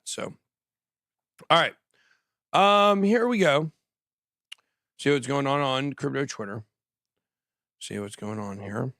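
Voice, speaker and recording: A man hosting a casual crypto livestream, talking quickly and jokily, often trailing off mid-thought. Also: mid-range voice, vocal fry, fairly bright tone, no room sound, clean studio sound. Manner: rambling, quick, jokey, trails off. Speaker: crypto show host.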